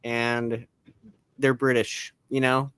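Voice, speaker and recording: A man co-hosting a podcast in casual chat, ranting in a wry, animated way. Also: medium pitch, takes it slowly, smooth, no echo. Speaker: podcast co-host.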